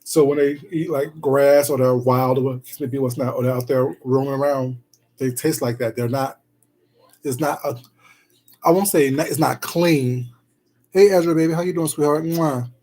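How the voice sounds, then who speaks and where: A man with a mellow, dark voice chats casually on a live stream while eating at home. His tone is slightly husky, and he warmly greets viewers with pet names between bites. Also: medium pitch, fairly even intonation, moderate pace, low-quality recording.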